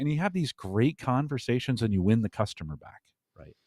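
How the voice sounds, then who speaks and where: A man talking as a guest in a casual podcast chat, animated and often chuckling, with frequent restarts. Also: mid-range voice, a little fast, no echo, clean studio sound.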